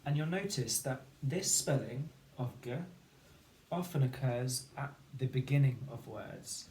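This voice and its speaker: Guy teaching phonics real slow, sounding out each letter, roomy echo. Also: mid-range voice, lively intonation, a little mellow. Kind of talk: phonics lesson for children. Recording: echoey room, faint background noise.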